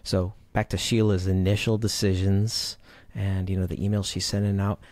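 A low-pitched male podcast host who affirms his guest and then sums up the guest's points in lofty words. His voice sounds dry and close, with no room around it. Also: flat delivery, normal speed, darkish tone, no echo. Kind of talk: reflective interview questions.

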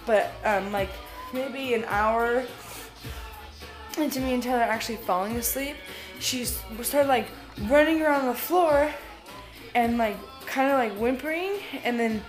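A woman's voice: a little high, unhurried, faint music behind. A young woman in her twenties telling a story in a casual daily vlog, chatty and full of fillers. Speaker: vlogger.

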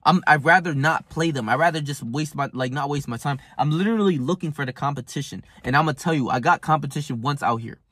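Young man, 20s, vlog monologue; brash and profane, fairly high and husky, close and dry. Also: fast talker, few pauses, no room sound. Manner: brash, profane, boastful ranting; swings into loud mocking put-on voices. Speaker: self-improvement vlogger. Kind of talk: casual monologue to camera.

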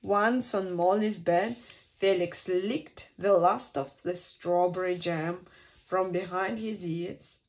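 With her fairly low voice, a woman performs a picture book for children at storytime, lilting and expressive and pausing for dramatic effect.

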